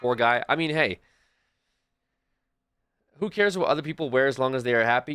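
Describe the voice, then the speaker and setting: Speaking at normal speed in a mid-range voice, this young adult streamer rambles through casual stories for his viewers, restarting often and wandering into asides. The tone is clean and a bit bright, captured with clean studio sound and no echo.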